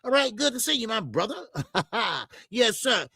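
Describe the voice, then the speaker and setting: A man's voice: high voice, big pitch swings, measured pace, creaky, pushed and bright, breathy edge, dry recording. A man hosting a boxing live stream in loose, chatty, profane talk, greeting his viewers by name. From Chicago. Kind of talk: casual live-stream chat.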